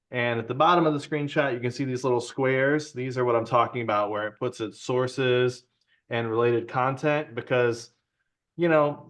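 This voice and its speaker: A man with a mid-range voice gives a relaxed tech presentation over a video call. He talks in a loose, conversational way and often checks in with the people listening. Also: medium pitch. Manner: relaxed and chatty, checks in with the audience. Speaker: presenter at a user group meeting. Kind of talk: casual tech talk. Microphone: video call from home.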